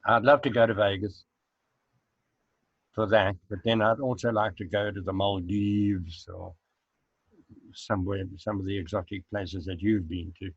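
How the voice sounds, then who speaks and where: An older man from South Africa, a guest chatting casually in an interview, unhurried and reminiscing, with frequent hesitant fillers. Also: lowish voice, steady tone, slightly rough, no echo. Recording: dull lo-fi recording.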